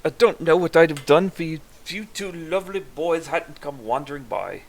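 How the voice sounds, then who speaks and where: A man voicing a cheery, kindly older woman in a high, sing-song, fussing voice. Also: expressive, normal speed, creaky.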